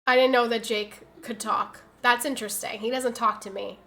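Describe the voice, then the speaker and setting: A woman streamer talking casually at her desk mic, her voice bright and a little high. She tells stories in a chatty, exasperated way and answers her chat as she goes. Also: fairly even intonation, moderate pace. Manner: chatty, exasperated storytelling, reads chat aloud.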